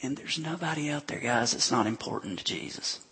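A man preaching a sermon as a pastor, retelling scripture stories with animated delivery and acted-out voices of crowds. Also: mid-range voice, fairly quick, slightly rough. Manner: animated storytelling preacher, acting out crowds with shouts.

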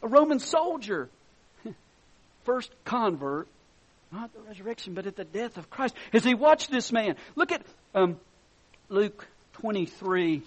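A man preaching a sermon, reading scripture softly and then rising to loud, excited emphasis, chuckling between points. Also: high voice, breathy edge.

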